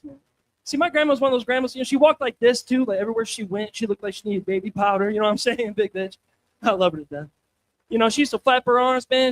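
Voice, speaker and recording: A man's voice: sits high, a bit bright, no room sound. A male stand-up comedian at an open mic night, rambling and crude, tossing in "man" constantly, on a handheld stage mic.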